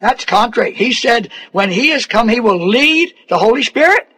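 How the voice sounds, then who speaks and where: A man preaching a sermon, slow and deliberate, repeating phrases for emphasis and asking the congregation rhetorical questions. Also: very high voice, animated, sharp tone, slightly rough.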